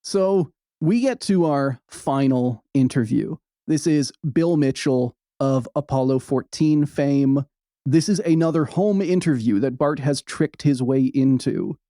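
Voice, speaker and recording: A man co-hosting a podcast, recapping a film in wry, casual chat with quick asides. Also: mid-range voice, warm tone, no echo, clean studio sound. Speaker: podcast co-host.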